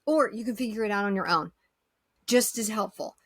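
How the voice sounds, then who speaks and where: A woman's voice: mid-range voice, a little fast, a bit bright, no room sound, clean studio sound. A woman hosting a podcast interview, chatting casually and with enthusiasm, often repeating her words. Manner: enthusiastic, agreeable, repeats herself. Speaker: podcast host.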